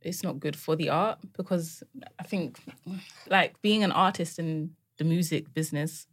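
A woman, a guest musician talking in a thoughtful, measured way. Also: low voice. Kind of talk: casual chat.

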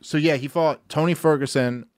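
A man's voice: fairly high pitch, fairly even intonation, moderate pace, dry recording. Emphatic profane male host, dry sound. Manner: emphatic and profane, laughs often. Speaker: podcast host. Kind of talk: casual podcast chat.

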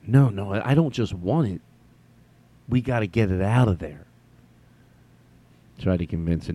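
A man's voice: lowish voice, moderate pace, long pauses, mellow. A man hosting his podcast, telling stories in a stammering, self-deprecating way. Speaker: podcast host. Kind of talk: rambling comedic monologue.

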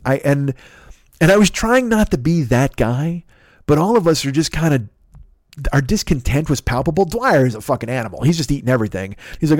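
Middle-aged chicago-area guy ranting, swearing a lot, mid-pitched voice, dry close sound. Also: lively intonation, a little fast, a little mellow, no room sound. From Chicago area, USA. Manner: profane, exasperated ranting. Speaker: podcast host. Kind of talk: casual storytelling rant.

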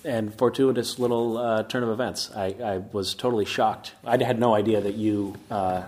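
A man's voice: fairly low pitch, fairly even intonation, normal speed, darkish tone. A man guesting on a podcast, gracious and playful in casual chat.

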